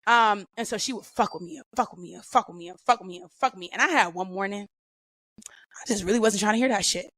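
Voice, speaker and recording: Bright, animated woman telling stories. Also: medium pitch, fast talker, dry recording. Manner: profane, animated, slangy. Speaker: podcast guest. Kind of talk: casual storytelling.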